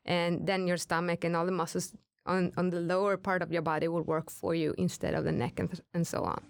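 Low-voiced woman singer, chatty. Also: fairly quick, dry recording. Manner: relaxed, chatty, many fillers and restarts. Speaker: rock singer, interview guest. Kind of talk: casual interview chat.

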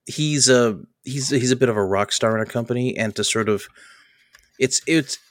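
A man telling a personal story in a casual podcast chat, animated and acting out the people he quotes, often laughing. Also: medium pitch, normal speed, no room sound, clean studio sound. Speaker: podcast host.

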